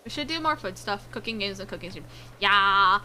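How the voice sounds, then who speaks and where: A woman's voice: mid-range voice, expressive, normal speed, bright, forceful tone, a little hiss or hum, poor audio. A young adult woman streaming a game, chatting casually in a rambling way, swearing freely and laughing often, with a slightly sore throat. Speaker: VTuber streamer. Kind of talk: casual gameplay chat.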